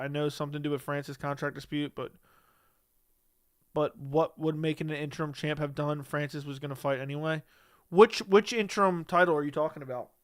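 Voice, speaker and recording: Blunt streamer man, crisp dry voice. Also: fairly high pitch, a bit bright, dry recording. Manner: blunt, dismissive, argues back at chat. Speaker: livestream host reading chat. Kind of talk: casual livestream chat.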